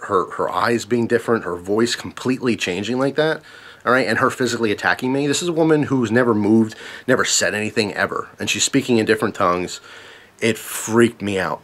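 A man's voice: on the low side, a bit bright. A man casually telling a story to camera, earnest and emphatic, repeating himself when tense.

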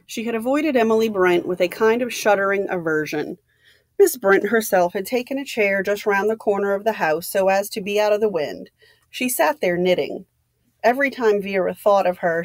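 A woman's voice: mid-range voice, darkish tone, no room sound. A woman teacher reading a novel aloud for her class at home, with casual instructions in between. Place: room at home.

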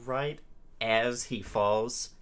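A man speaking as a player in a tabletop game, describing actions deliberately. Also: mid-range voice, clear, resonant tone.

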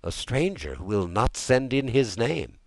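A man's voice: mid-range voice, sing-song, unhurried, vocal fry, dry recording, voice pushed up. A male audiobook reader voicing a household valet who gives plain, deferential answers.

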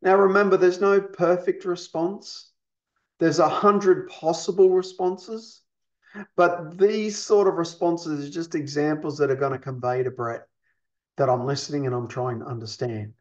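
A man's voice: fairly high pitch, steady tone, a little slow, lo-fi sound. A man teaching a counselling lesson in an explanatory way, often checking in with his listeners. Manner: explanatory, checks in with "you see?" and "okay?". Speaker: counselling instructor.

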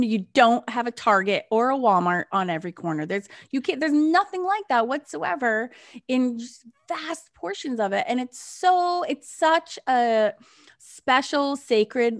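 A middle-aged American woman co-hosting a podcast, chatting in a rambling, animated way and laughing often. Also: a little high. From United States. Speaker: podcast co-host. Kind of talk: casual chat.

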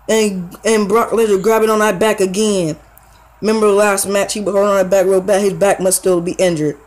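A man's voice: high voice, rough recording. A young man giving casual, slangy play-by-play commentary on his own wrestling video game match. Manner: slangy, excitable play-by-play with fillers. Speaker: gaming YouTuber.

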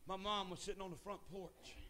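A middle-aged man preaching a revival sermon in a church, moving from relaxed storytelling to shouted, fervent calls. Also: high voice, fairly quick, a little hiss or hum. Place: church sanctuary.

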